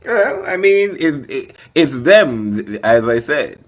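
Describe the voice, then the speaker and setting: A man's voice: medium pitch, big pitch swings, slow pace. A man in casual chat, hesitant and repeating himself as he thinks aloud.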